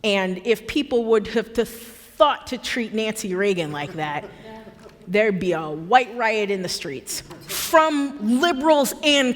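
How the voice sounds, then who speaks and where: A woman giving an impassioned public talk as a guest speaker in a church, emphatic and forceful, repeating words for effect. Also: medium pitch, long reverb tail. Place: church hall.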